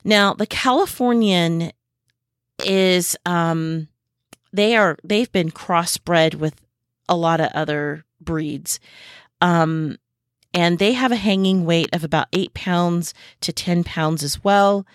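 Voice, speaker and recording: A woman hosting a podcast in a casual, informative way, unhurried and pausing often with fillers, sharing what she has learned firsthand on her homestead. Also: lowish voice, smooth, no room sound, clean studio sound. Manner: unhurried, with many pauses and fillers; speaks from personal homestead experience. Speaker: podcast host.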